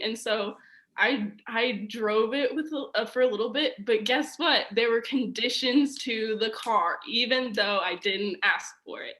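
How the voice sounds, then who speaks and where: A young woman with a bright, forceful voice that sits a little high, telling her story as a podcast guest. She is animated, says "like" constantly, and acts out the people she quotes. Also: unhurried. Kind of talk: casual storytelling conversation.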